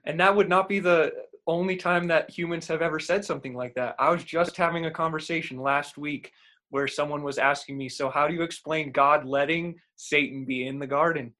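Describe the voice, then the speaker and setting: A young man co-hosting a podcast, quick with a quip and thoughtful. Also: fairly high pitch, steady tone, bright, forceful tone. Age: young adult. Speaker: podcast co-host. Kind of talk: casual podcast conversation.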